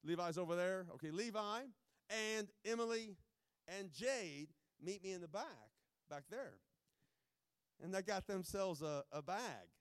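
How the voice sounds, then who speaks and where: A pastor giving informal, joking remarks before a sermon, rambling with many restarts. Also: male voice, high voice, unhurried, clear, resonant tone, no room sound, studio quality.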